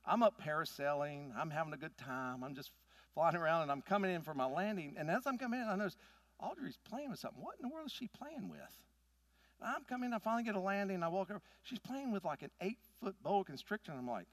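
A man in his sixties preaches with a lively, swooping voice that climbs high. He tells folksy stories and swings from booming to hushed, and the sound is dry and close. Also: a little fast, no room sound. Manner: animated, folksy storytelling with big swings in loudness. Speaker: pastor. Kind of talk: sermon.

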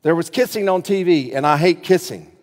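A man reading aloud as a grumpy six-year-old boy having a terrible day, slow and sulky like a storybook. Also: on the high side, lightly acted. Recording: long reverb of a large hall.

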